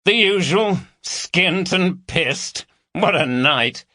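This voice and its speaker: A man plays a rowdy, teasing London lad whose voice jumps high and bright as he trades laddish jokes. His pitch swings all over the place with cocky energy. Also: expressive, drawn-out words, no echo, clean studio sound, full character voice. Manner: boisterous, teasing banter. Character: cheeky loud male London mate, laddish.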